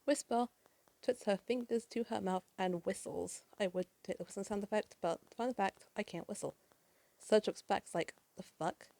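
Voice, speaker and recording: A woman's voice: medium pitch, steady tone, normal speed, vocal fry, mellow. A woman narrating a comic book issue in a chatty, casual way, with swearing, fillers and side remarks. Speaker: comic reader.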